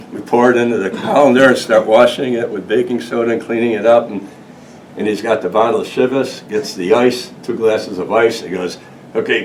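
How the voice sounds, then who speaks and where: Older man, low voice, rambling storyteller, distant mic with faint hiss. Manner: rambling, many restarts, laughs through his story. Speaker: presenter at a local history talk. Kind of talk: casual storytelling to an audience. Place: museum meeting room with audience.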